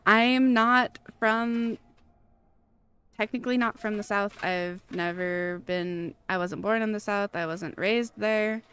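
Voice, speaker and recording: A woman's voice: medium pitch, takes it slowly, a bit bright, clear, resonant tone. A woman from the Pacific Northwest with a Pacific Northwest American accent, streaming a game from home and chatting casually with viewers in a rambling way, full of fillers and restarts. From Pacific Northwest, USA. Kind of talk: casual chat while gaming, answering chat. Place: home room with a fan.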